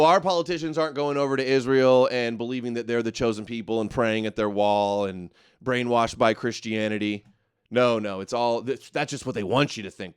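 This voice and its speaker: Male host, sarcastic live commentary, smooth resonant tone, dry close sound. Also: mid-range voice, no room sound. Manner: mocking, sarcastic, quick asides. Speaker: show host. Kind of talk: live commentary reacting to clips.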